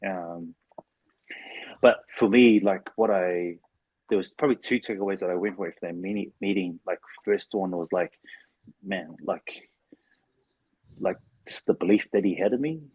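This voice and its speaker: A man from New Zealand with a low, husky voice tells stories as a podcast guest, loose and rambling, leaning on "like" and "bro". He sits close to a studio mic in a dry, deadened room. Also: moderate pace, long pauses, darkish tone, dry recording. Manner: laid-back, rambling, full of "like" and "bro". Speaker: podcast guest, former rugby league player. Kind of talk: casual interview chat.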